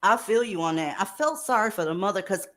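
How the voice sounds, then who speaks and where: A middle-aged woman hosting a heated commentary, emphatic and profane, swinging between loud and soft. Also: medium pitch, lively intonation, brisk. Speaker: host. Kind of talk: heated commentary on a news clip.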